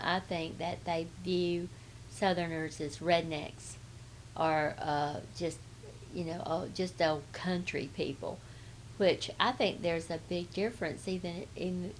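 Low-pitched and accompanied by a faint hiss or hum, this Atlanta woman's Southern-accented voice answers oral-history questions casually. Her replies wander and stall, with frequent restarts.

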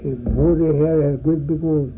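Older man, folksy rambling storyteller, somewhat high-pitched, very dark mellow tone. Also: fairly even intonation, moderate pace, slight background noise, poor audio. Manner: rambling, folksy, acts out voices in his stories. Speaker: interviewee. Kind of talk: oral history storytelling.

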